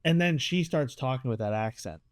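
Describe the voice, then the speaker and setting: A man chatting casually as a podcast co-host, animated, acting out characters' lines as he talks. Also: medium pitch, moderate pace, dry recording, studio quality. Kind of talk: casual chat reviewing a series.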